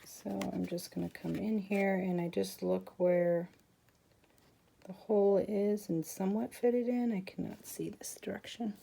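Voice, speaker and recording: A woman's voice: mid-range voice, fairly even intonation, unhurried, creaky, dark tone. A woman hosting a craft tutorial, chatting casually with viewers as she works. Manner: chatty, talks to viewers while working. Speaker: crafting channel host.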